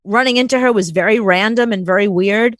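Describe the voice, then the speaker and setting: A woman's voice: medium pitch, a little fast, no room sound. A woman co-hosting a show, telling a story in casual chat and acting out the people she quotes. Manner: animated, acts out quoted voices. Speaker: co-host.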